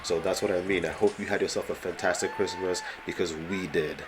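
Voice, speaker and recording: A man's voice: sits low, fairly even intonation, brisk, noisy background. A man from Canada with a cold and a congested voice, giving rambling casual voice-over commentary full of fillers. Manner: rambling, many fillers like "you know". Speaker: bodybuilder vlogger.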